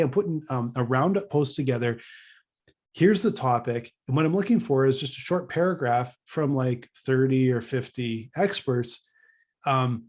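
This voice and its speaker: A man's voice: medium pitch, darkish tone. A man co-hosting a casual business podcast, rambling with many restarts and dry laughs. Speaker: podcast co-host.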